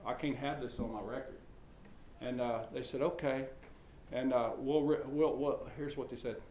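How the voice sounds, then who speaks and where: A man's voice: mid-range voice, fairly even intonation, moderate pace, a little mellow, a little hiss or hum. Folksy male preacher in an echoey hall. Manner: folksy storytelling with many fillers and restarts. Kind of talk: sermon. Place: church hall. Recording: echoey church hall with faint ambience.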